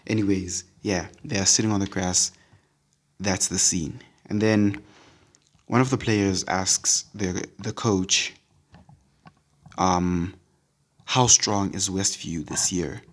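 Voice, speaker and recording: A deep-voiced man giving a casual devotional talk. His voice sits low in pitch, and he rambles loosely, stumbling and repeating words with plenty of "um" and "like" along the way. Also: fairly even intonation, takes it slowly, breathy edge. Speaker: podcast speaker.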